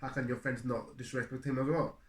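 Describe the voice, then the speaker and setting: A man's voice: mid-range voice, flat delivery, brisk. A man in casual chat, sharing earnest, reflective advice about marriage and laughing easily along the way. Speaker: husband co-hosting a marriage video. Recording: echoey room.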